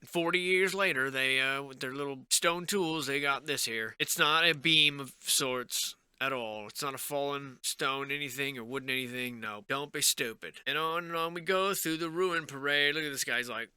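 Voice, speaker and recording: Man, casual musing vlog, rambling and speculative, very bright crisp voice. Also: mid-range voice, normal speed, hardly any pauses, no room sound, clean studio sound. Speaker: vlogger.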